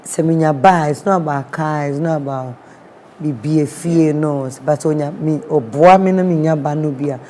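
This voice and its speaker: A woman's voice: low-pitched, fairly even intonation, moderate pace, mellow, a little hiss or hum. A woman with a Ghanaian accent, a guest sharing a personal story with feeling. She acts out what people said and mixes in Twi words.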